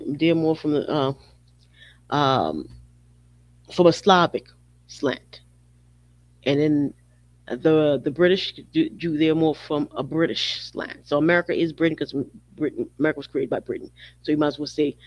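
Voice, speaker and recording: A man with a slightly higher voice hosts a podcast in a casual, rambling monologue. He speaks straight to the person he is discussing and fills his talk with plenty of "you know" and "um". The recording is dry and slightly dull. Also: no echo. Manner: conversational, talks straight to the subject, many fillers. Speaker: podcast host.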